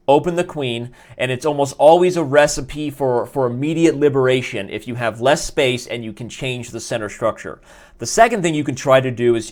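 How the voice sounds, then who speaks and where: Guy coaching chess on a live stream, rambly and jokey, lots of restarts, pitch right in the middle. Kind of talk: casual live game review. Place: indoors at a desk.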